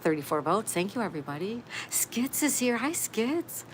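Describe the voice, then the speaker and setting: A woman's voice: mid-range voice, sing-song, normal speed, a little hiss or hum, poor audio. A woman hosting a casual live stream from her patio, cheerfully greeting viewers and reading their comments aloud. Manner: upbeat, reads out viewer comments. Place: outdoor patio by a canal.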